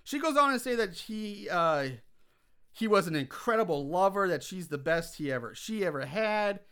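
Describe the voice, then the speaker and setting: A man casually recapping a film plot for a podcast, animated and swearing when worked up. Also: high-pitched, moderate pace, smooth. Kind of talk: casual chat.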